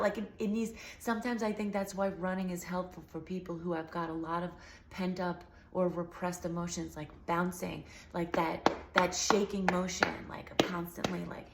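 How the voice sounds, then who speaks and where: A woman's voice: on the low side, creaky. Woman vlogger, casual and rambling, slightly sore voice; echoey room, faint background hiss. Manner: earnest, rambling, many fillers. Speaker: healing vlogger. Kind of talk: casual talk to camera.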